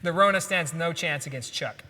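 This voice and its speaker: A man's voice: on the high side, normal speed, bright, forceful tone. A man hosting a casual podcast, joking and laughing often as he reads memes aloud. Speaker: podcast host. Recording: long hall reverb.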